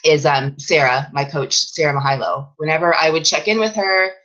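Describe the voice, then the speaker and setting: Low-voiced woman coaching her team. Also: moderate pace, fairly bright tone, lo-fi sound. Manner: chatty, with many fillers and restarts. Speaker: fitness coach. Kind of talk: casual training talk for a sales team.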